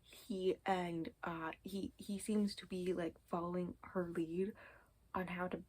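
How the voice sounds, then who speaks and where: A woman's voice: fairly low pitch, level tone, measured pace, darkish tone, poor audio. A woman chatting casually in a reading vlog, rambling and often dropping to a whispered aside, with many ums and anyways. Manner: says 'um' and 'anyways' often. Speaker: book vlogger.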